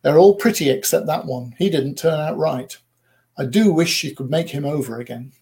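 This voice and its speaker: A man's voice: fairly high pitch, moderate pace, vocal fry, a little mellow. A man voicing a snobbish, grand old female duck who talks down to others in a storybook reading. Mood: condescending. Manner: condescending, grand.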